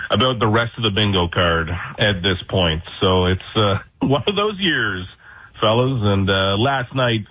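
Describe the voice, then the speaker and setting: Husky, lowish male guest, sarcastic and laid-back, calling in over a lo-fi line. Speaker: baseball beat reporter guest. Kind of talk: casual sports radio interview. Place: hotel room. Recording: dull lo-fi remote line.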